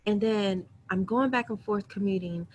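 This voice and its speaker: Hosting a webinar, a thirtysomething woman shares her personal story candidly and emotionally, dropping in quick self-quotes. Her medium-pitched voice is a little mellow, and a faint hiss or hum comes through the computer mic.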